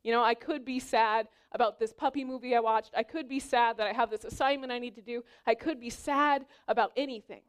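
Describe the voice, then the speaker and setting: A woman's voice: on the high side, fairly even intonation, a little fast, few pauses. A young pregnant woman preaching an earnest, exhorting sermon that mixes scripture with personal stories.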